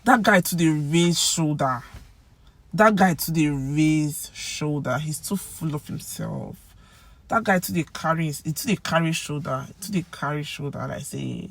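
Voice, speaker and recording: A woman's voice: moderate pace, vocal fry. Nigerian woman teaching pidgin phrases. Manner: lively, acts out example phrases with big swings in pitch and loudness. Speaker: language teacher. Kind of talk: casual language lesson.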